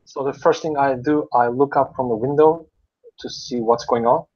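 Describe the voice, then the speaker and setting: A man's voice: mid-range voice, fairly even intonation, moderate pace, darkish tone. A man playing a tabletop game, hesitant, restarting his sentences and checking details with the game master. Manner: hesitant, asks rules questions. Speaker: player. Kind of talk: casual tabletop play. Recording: dull lo-fi sound.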